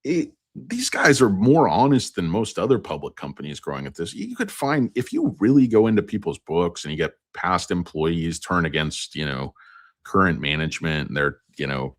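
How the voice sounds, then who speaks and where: On a laid-back stock market livestream, a man with an exceptionally deep, low voice reads viewer comments aloud. He talks at a normal speed with a sing-song lilt, rambling, joking at his own expense, and wandering from topic to topic.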